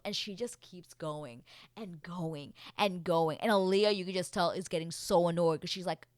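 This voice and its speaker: A woman giving a casual, animated, exclamatory reality-show recap as a vlogger. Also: fairly low pitch, moderate pace, dry recording, clean studio sound.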